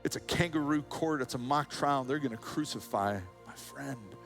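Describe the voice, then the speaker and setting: A man's voice: medium pitch, normal speed, creaky, faint music behind. A man preaching a sermon as pastor, telling a Bible story with humorous asides and acted-out voices. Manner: animated storytelling, acts out voices and a rooster crow.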